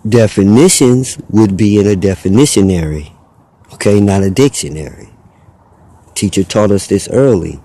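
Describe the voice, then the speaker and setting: A man's voice: on the low side, lively intonation, normal speed, dark tone. A man delivering a rambling, preachy spoken monologue, arguing his point with rhetorical questions and mock voices.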